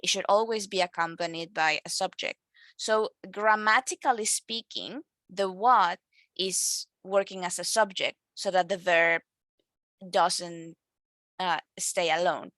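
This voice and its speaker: A woman's voice: fairly low pitch, fairly even intonation, unhurried, a bit bright, no echo. A woman teaching an English grammar lesson, explaining patiently with fillers and self-corrections.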